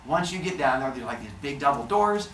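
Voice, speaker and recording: A man's voice: mid-range voice, big pitch swings, fairly quick, a bit bright, roomy sound, far from the mic, a little hiss or hum, low-quality recording. Man doing a coaxing mother earth goddess. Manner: patient, explaining a plan.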